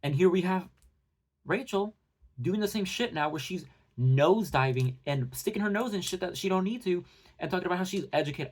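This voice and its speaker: A man's voice: fairly high pitch, lively intonation. Profane, ranting young man. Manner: heated, profane and sarcastic; fast bursts of talk with many fillers. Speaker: commentary channel host. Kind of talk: heated casual rant to viewers.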